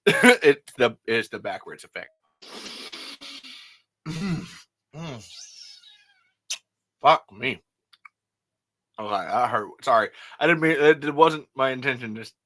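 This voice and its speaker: A man's voice: mid-range voice, pushed and bright, dry recording. A man hosting a late-night podcast, chatting in a rambling, profane, chuckling way. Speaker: podcast host.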